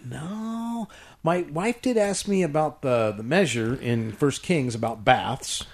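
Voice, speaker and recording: A man's voice: a little high, slow. A middle-aged man and pastor co-hosting a casual chat, telling stories with playful jokes. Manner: jokey, animated storytelling. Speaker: pastor and co-host.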